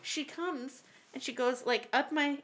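A woman telling animated, profanity-laced stories in a casual chat among friends. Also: high voice, a little slow. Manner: animated storyteller, swears a lot.

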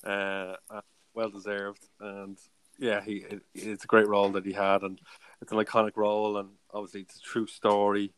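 A man hosting a casual podcast chat, chatty and quick to laugh. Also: fairly low pitch, completely flat delivery, fairly bright tone, smooth. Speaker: podcast host.

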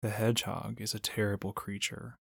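A man's voice: on the low side, level tone, moderate pace, gravelly, fairly bright tone, slightly rough, no room sound, studio quality, heavily acted. A man voicing Daisy, a bold young fawn. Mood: emphatic. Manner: eager, a little boastful. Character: young female fawn, quick and outspoken.

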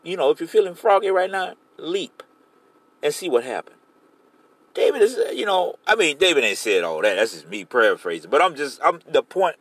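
Animated high-voiced man preaching. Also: breathy edge, dry recording. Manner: animated preaching, paraphrasing scripture in casual street talk. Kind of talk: sermon.

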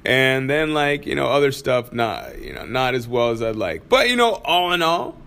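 A man's voice: medium pitch, big pitch swings, moderate pace, creaky, a bit bright. Laid-back man hosting a podcast. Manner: laid-back, laughs often, slangy. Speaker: podcast host. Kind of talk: casual podcast monologue. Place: studio.

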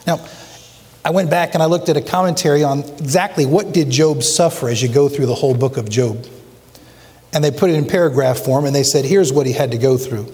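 He preaches with force in the sanctuary, challenging the congregation with rhetorical questions. The man's medium-pitched voice has a darkish tone and a slightly quick pace, echoing with long church reverb.

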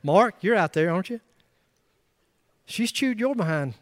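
High-voiced middle-aged male pastor, emphatic sermon delivery with loud peaks and humorous asides, dry close sound. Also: lively intonation, a little slow, no echo. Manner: emphatic, rising to loud bursts with joking asides.

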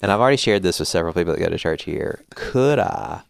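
A man in his forties co-hosting a church podcast, a jokey, animated storyteller who laughs often. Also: low-pitched, very fast, gravelly, smooth, dry recording, studio quality. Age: 40s. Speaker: podcast co-host. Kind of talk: casual church podcast chat.

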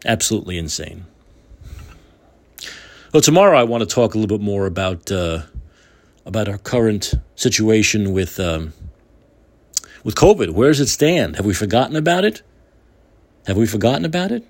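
A man's voice: on the low side, expressive, moderate pace, long pauses. A man hosting his own talk show, delivering heated, indignant political commentary with repeated phrases. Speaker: podcast host.

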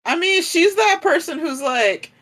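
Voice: very high voice, animated, unhurried, pushed and bright. A co-host in a casual chat, enthusiastic and affirming, with frequent laughs and exclamations. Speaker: podcast co-host.

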